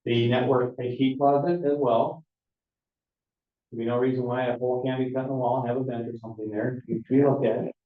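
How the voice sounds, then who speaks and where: A man's voice: mid-range voice, steady tone, a little fast, roomy sound, narrow, tinny audio. A man speaking as a board trustee at a village meeting, firm and matter-of-fact. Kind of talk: public meeting discussion. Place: village hall meeting room.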